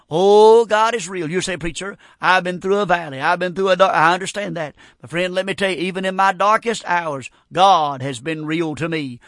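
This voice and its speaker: A man's voice: high-pitched, moderate pace, fairly bright tone, no echo, clean studio sound. An older man preaching a sermon, emphatic and repetitive, often stumbling over restarts.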